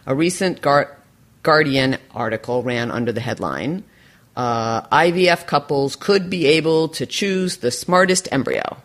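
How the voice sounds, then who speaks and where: A woman hosting a podcast interview, speaking with enthusiasm and playful humor and laughing often. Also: a bass voice. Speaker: podcast host.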